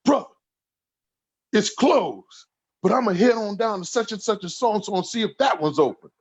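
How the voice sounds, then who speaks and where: A man's voice: high voice, expressive, moderate pace, breathy edge, pitched above the performer's own voice. A man mimicking another man's eager, insistent voice on the phone during a story. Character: excitable man pleading on the phone.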